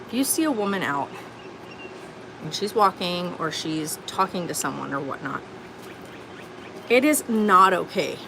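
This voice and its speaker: A woman's voice: medium pitch, creaky, a bit bright, slight background noise, poor audio. A woman vlogging outdoors at an RV park on a phone or camera, telling a story in an earnest, indignant, rambling way with lots of fillers. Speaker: homestead vlogger. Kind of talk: casual storytelling vlog.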